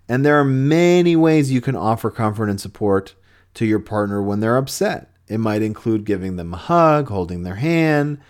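A man's voice: medium pitch, a little mellow, clean tone. A man hosting a podcast, giving relationship advice in an earnest, conversational way with frequent restarts. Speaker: podcast host.

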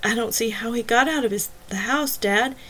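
A frightened young mother who stammers and pleads, her voice pitched upward in distress, as a woman narrator reads her. It is an audiobook scene. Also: moderate pace, fairly bright tone. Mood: worried.

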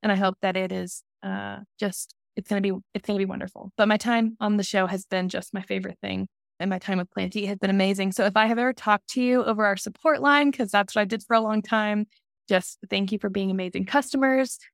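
A young woman in casual podcast chat, her voice carrying a gravelly fry at the ends of phrases. She talks loosely and chattily, leaning on fillers, and the sound is close and dry with no room around it. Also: mid-range voice, steady tone, fast, no echo. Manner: chatty, filler-heavy, warm and emotional in farewell. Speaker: podcast co-host.

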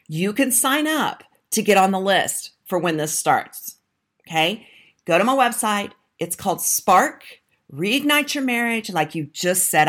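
Animated, low-pitched woman coaching couples. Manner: emphatic, direct, addresses listeners as "you". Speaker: marriage coach and podcast host. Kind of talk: solo podcast talk with a sign-up pitch.

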